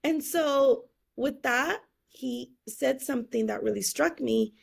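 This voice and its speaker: A woman's voice: high-pitched, slow, gravelly, slightly rough. A woman guest telling her life story in an interview, acting out the people she quotes and laughing often. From California, USA.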